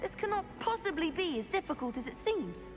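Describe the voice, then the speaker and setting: A woman's voice: extremely high pitch, very animated, a little fast, loud music behind the voice. A woman playing a curious schoolgirl student, chatty and earnest, a little flustered over a mystery. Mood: puzzled.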